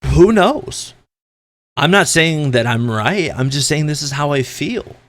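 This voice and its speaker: A man's voice: fairly high pitch, animated, moderate pace, fairly bright tone, no echo. Exasperated man ranting bluntly. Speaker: esports commentator. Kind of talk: ranting opinion vlog.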